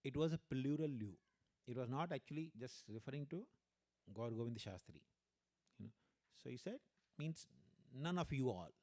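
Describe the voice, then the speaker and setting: A man delivering a religious talk as a guest speaker, his pitch sitting in an ordinary middle range. He tells his stories with animation and keeps checking in with the listeners. He leans into the lines he quotes. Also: moderate pace, long pauses. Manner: animated storyteller, acts out quoted voices, frequent "you know". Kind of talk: storytelling religious lecture.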